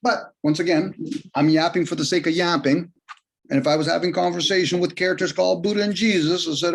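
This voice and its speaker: A man talking on a video call in a casual, rambling way, arguing his points and often jumping in pitch for emphasis. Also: steady tone, fast, vocal fry. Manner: rambling, argumentative, shifts pitch often for emphasis and quoted voices.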